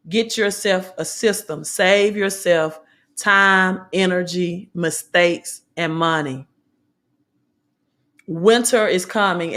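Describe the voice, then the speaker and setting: A woman's voice: on the low side, fairly bright tone. A woman with a Southern American accent, hosting a motivational business talk and preaching in repeated slogans and alliterations. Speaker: host.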